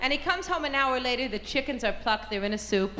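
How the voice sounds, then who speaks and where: Brash high-voiced woman comic. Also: animated, quick pace. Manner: brash, irreverent, punchy storytelling. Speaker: stand-up comedian. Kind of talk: stand-up comedy routine. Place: stage before a live audience. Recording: live comedy-club recording with crowd noise.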